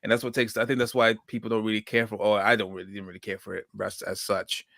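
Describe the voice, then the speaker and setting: A man's voice: lowish voice, flat delivery, quick pace, a bit bright, dry recording, studio quality. A man hosting a casual podcast chat and reading comments aloud, rambling and hesitant, restarting his sentences often. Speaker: podcast host.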